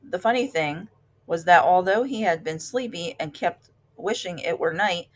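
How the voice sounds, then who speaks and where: A woman reads a children's chapter book aloud at an even, unhurried clip. Her voice sits a little low and the narration stays calm and steady. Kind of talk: storybook read-aloud.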